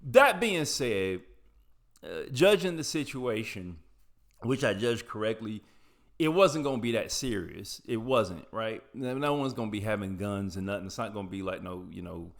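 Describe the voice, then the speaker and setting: A man's voice: on the low side, lively intonation, normal speed, vocal fry. A young adult man from Appalachia telling a personal story in a casual, rambling, profane way, with frequent tangents.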